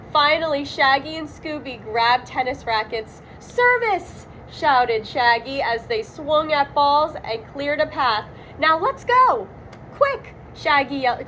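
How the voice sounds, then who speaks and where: A woman reading a children's storybook aloud, expressive and dramatic on the sound words. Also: high voice, unhurried, a little hiss or hum, low-quality recording. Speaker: storybook reader. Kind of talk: children's read-aloud narration.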